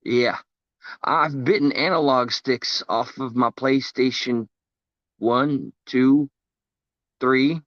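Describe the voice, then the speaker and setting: A young man rambles through stories on a live stream, cracking jokes at his own expense and swearing as he goes. His voice sits at an ordinary middle pitch. The audio is dry and a bit dull, like a cheap home microphone. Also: steady tone, takes it slowly, long pauses, a bit bright, dry recording. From United States. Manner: loose, joking, self-mocking, swears freely.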